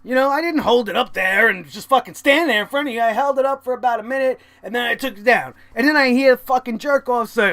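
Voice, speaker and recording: A man's voice: very high-pitched, quick pace, hardly any pauses, fairly bright tone. A man reviewing a wrestling show in a profane vlog rant, swearing constantly and getting angry.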